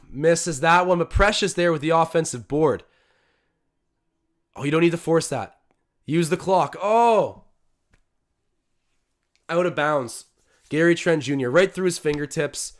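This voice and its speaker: Excitable man doing live game commentary. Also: a little high, unhurried, pauses often. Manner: excitable, talks to chat, bursts of loud cheering. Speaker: live-stream watch-along host.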